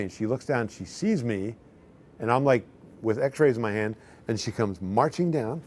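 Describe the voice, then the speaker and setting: A man's voice: mid-range voice, normal speed, a little mellow. A middle-aged male chiropractor telling patient stories in a conversational way, now and then acting out what people said. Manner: conversational, acts out patients' lines in quotes. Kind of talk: storytelling talk to camera.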